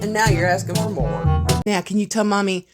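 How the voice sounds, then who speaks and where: A woman's voice: medium pitch, sing-song, fairly quick, music in the background. A woman talking baby talk to her dog in a cooing, teasing, sing-song way. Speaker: dog owner.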